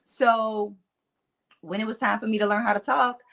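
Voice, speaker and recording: A middle-aged woman with a Mississippi accent and a country twang, a motivational speaker chatting as a guest, animated and laughing often. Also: a little high, normal speed, gravelly. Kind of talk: casual storytelling interview.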